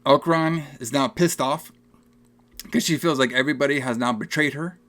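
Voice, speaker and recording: A young man co-hosting a podcast, recapping a movie in casual, animated chat and laughing often. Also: medium pitch. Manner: animated, laughing, acts out film lines in quick voices. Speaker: podcast co-host.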